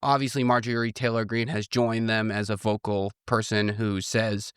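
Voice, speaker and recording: A man's voice: fairly low pitch, flat delivery, moderate pace, smooth, no echo, clean studio sound. A man co-hosting a casual political podcast, rambling with lots of fillers and frequent laughter. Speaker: podcast co-host.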